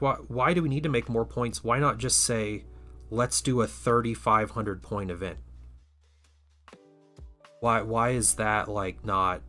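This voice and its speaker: A man's voice: medium pitch, bright, forceful tone. A man hosting a casual livestream while he paints miniatures, rambling and chatty with lots of restarts, and tired today.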